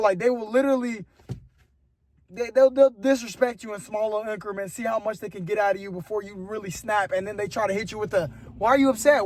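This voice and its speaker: A man's voice: sits high, darkish tone, no room sound. A young man vlogging casually to the camera, earnest and rambling, giving motivational talk and calling his viewers "bro". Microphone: camera mic.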